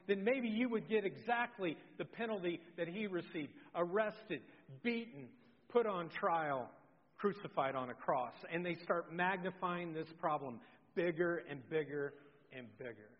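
A middle-aged male pastor preaches with animated storytelling, dropping from loud to hushed and back. His voice sits high for a man. The sound is dull and rings in the long reverb of a church. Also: moderate pace. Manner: animated, swinging from loud to very soft. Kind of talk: sermon with personal storytelling.

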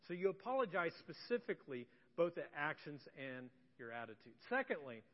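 A male pastor in his thirties preaching a sermon. He swings from hushed confessional tones to loud, indignant outbursts. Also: sits high, lively intonation, normal speed. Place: church sanctuary. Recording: echoey hall, slightly dull.

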